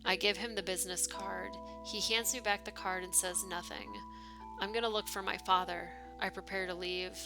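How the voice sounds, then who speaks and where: A woman's voice: mid-range voice, steady tone, moderate pace, gravelly, music in the background. A woman streamer reading a story game aloud, slipping into casual asides with fillers.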